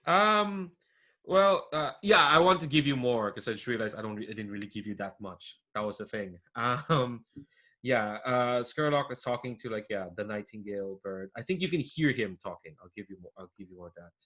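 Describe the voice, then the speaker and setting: A man's voice: medium pitch, expressive, fairly quick, pushed and bright. A man running a tabletop role-playing game, narrating and chatting in a hesitant, casual way. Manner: hesitant, chatty, many fillers and laughs. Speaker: game master.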